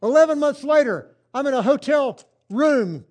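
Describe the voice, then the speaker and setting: Older guy preaching his story, high voice, goes soft then hollers. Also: expressive, normal speed. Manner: storytelling, swinging from hushed to loud and fervent. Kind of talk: sermon testimony.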